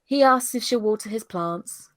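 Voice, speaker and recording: A woman co-hosting a casual review podcast, retelling an episode in a chatty, giggly, animated way. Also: fairly high pitch, normal speed. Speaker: podcast co-host, newbie reviewer.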